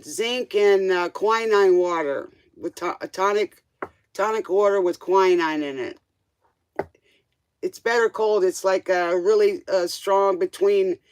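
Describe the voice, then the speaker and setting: A woman's voice: mid-range voice, clear, resonant tone, no room sound. A woman hosting a live tarot stream, chatting casually with viewers and laughing often.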